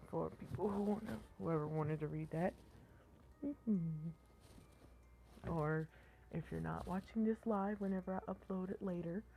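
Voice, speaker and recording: A young woman streamer reading a horror story aloud in a flat, even tone, stumbling over words and chatting between passages. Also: low voice, gravelly, a little hiss or hum. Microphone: phone mic. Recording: tinny phone-like live-stream audio.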